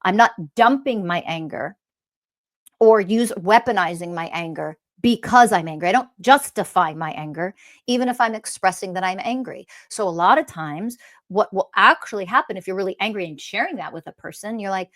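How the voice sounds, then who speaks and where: A woman hosting her own podcast, ranting bluntly and profanely about spirituality, swinging between loud outbursts and quiet, calm stretches. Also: medium pitch, moderate pace. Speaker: podcast host and spiritual teacher. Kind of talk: impassioned podcast rant.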